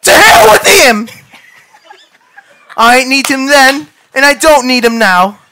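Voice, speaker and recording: A man's voice: very high-pitched, sing-song, slow pace, background noise, exaggerated voice. A man putting on a British accent to play a brash young man abandoned by his father, giggling through an amateur scene reading. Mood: giggly mock-British. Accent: put-on British. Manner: giggly, mock-British slang.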